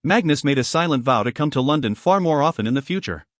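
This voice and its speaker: A man's voice: a little high, lively intonation, fast, dry recording. Man narrating an audiobook, dry sound. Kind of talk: scripted narration.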